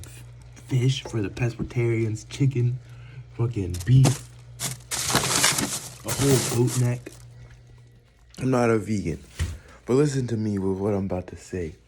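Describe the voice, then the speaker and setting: A man's voice: medium pitch, mellow, a little hiss or hum. Casual rambling young man at home. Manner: rambling, swears casually, restarts often. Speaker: vlogger. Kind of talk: casual monologue to camera.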